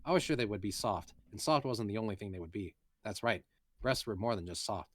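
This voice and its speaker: A man's voice: lowish voice, animated, brisk, a little hiss or hum. A man, a voice actor, reading a light novel aloud in a casual way, with muttered asides and self-corrections.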